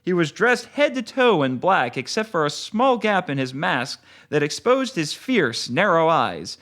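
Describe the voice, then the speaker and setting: Author reading his book aloud, fairly high male voice, lively intonation. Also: unhurried. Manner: expressive reading, relaxed when chatting. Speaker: author and guest. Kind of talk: reading his novel aloud, then casual chat.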